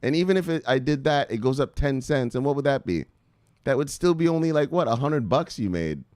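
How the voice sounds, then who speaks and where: A middle-aged man talks loosely and brashly, swearing and teasing his viewers as he hosts a crypto stream. His voice is smooth and clear at an ordinary pitch. It sounds dry and close to the mic. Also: expressive, brisk, no echo. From United States. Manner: loose, swearing, joking, shouting "bang" at viewers' names. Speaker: crypto video host. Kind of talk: casual live-stream chat.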